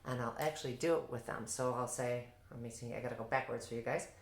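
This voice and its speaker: A woman with a notably low voice explains how she teaches reading, breaking into an animated classroom tone to demonstrate prompts. The recording has the hollow echo of a bare room. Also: quick pace. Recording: echoey room.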